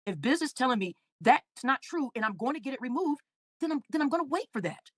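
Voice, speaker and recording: Woman livestream host, rapid, emotional, halting delivery, dry sound. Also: sits high, very animated, dry recording. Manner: emotional, halting, repeats words. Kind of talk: casual livestream chat reading comments.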